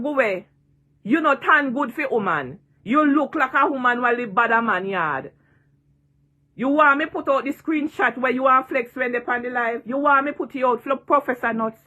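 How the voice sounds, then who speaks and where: A woman's voice: high voice, pushed and bright. Taunting Jamaican woman in her sixties. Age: 60s. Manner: taunting, repetitive, cursing. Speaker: online personality. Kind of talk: ranting vlog.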